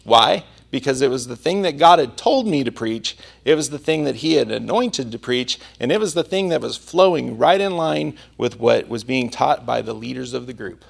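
A man's voice: mid-range voice, animated, normal speed, vocal fry, hardly any pauses. A male preacher delivering a sermon, telling a personal story in a conversational manner.

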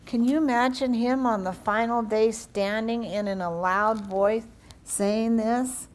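A woman's voice: fairly high pitch, steady tone. A woman preaching a sermon, praying fervently and reading scripture aloud with emphasis. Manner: slow, emphatic delivery with fervent prayer.

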